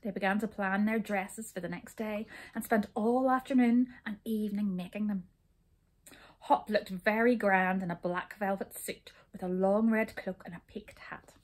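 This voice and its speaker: A woman reads a children's storybook aloud with a husky, breathy voice. Her narration is expressive, rising and dipping with the tale at a moderate pitch. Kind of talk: storybook reading.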